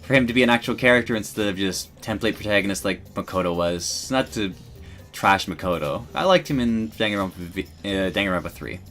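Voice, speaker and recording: A man with a fairly low voice talks through his feelings in a loose, rambling stream of thought. He restarts his sentences often and gets tearful in places. Faint music plays quietly behind him. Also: expressive, brisk. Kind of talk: casual rambling commentary.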